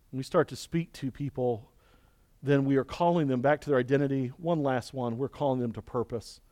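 A man preaching a sermon, swinging from loud, high emphasis to quiet, confiding passages. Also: dry recording. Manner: dynamic preaching, climbing loud and high then dropping to soft, intimate confession. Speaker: pastor.

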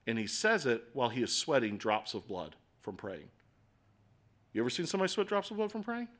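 A middle-aged man preaching a sermon in a conversational, animated way with acted asides. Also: mid-range voice, brisk. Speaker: pastor.

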